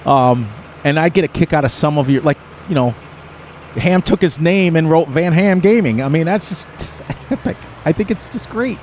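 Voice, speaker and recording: A man's voice: fairly high pitch, animated, normal speed, a little mellow, a little hiss or hum. A middle-aged man chatting to his viewers during a live game stream. He rambles in a folksy way and laughs often. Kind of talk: casual rambling chat to viewers.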